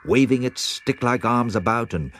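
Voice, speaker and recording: A man narrating a children's storybook in an expressive, measured way. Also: mid-range voice. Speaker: audiobook narrator.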